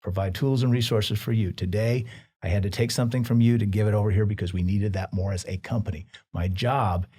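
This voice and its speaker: A man hosting a podcast, giving reflective, measured advice in conversation. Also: on the low side, fairly even intonation, dark tone, breathy edge. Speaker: podcast host.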